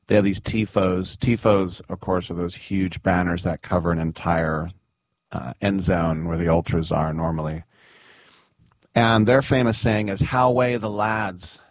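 A man's voice: deep voice, a little slow, no echo. A man hosting a sports radio talk show, telling rambling stories in a chatty way and laughing at them.

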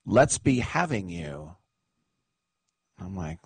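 Chatty radio host, low voice. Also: male voice, expressive, normal speed, breathy edge, dry recording. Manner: rambling, chatty, muses aloud with fillers. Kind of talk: casual sports radio chat.

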